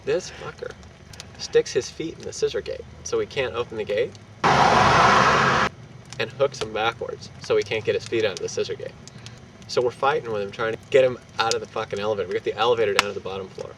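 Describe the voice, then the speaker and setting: A young man telling a rowdy anecdote in casual, profane, animated fashion, laughing between lines. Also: fairly low pitch, fast talker. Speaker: storyteller. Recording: distant mic with street and traffic noise.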